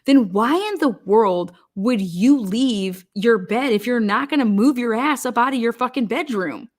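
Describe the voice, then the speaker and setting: Blunt, sarcastic woman commentator. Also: a little high. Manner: blunt, sarcastic, profane, rapid-fire questioning. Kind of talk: true crime commentary.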